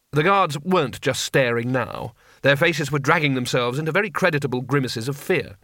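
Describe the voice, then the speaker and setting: A man reading a novel aloud as the narrator, expressive and animated. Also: medium pitch, moderate pace, no echo, studio quality. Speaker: audiobook narrator. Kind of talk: scripted narration.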